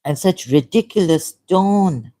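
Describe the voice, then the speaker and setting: A woman, hosting a livestream and talking off the cuff in a rambling, animated way, often breaking into laughter. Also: fairly low pitch, measured pace. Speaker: livestream host. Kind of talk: unscripted livestream monologue.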